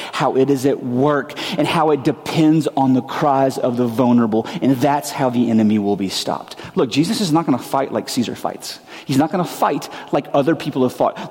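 A man's voice: mid-range voice, darkish tone, long reverb tail. A man preaching a sermon in a casual, conversational way, with slang and frequent restarts. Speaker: pastor.

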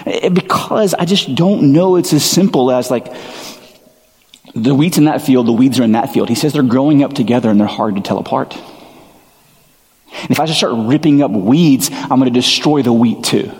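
A man's voice: medium pitch, moderate pace, darkish tone, long reverb tail. A male pastor preaching a sermon in a casual, earnest way, full of "like" fillers. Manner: conversational, filler-heavy, earnest.

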